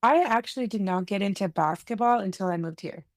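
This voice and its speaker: A woman's voice: mid-range voice, brisk, dry recording, studio quality. A woman guest on a casual video-call podcast, thinking aloud with lots of fillers. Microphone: video call mic.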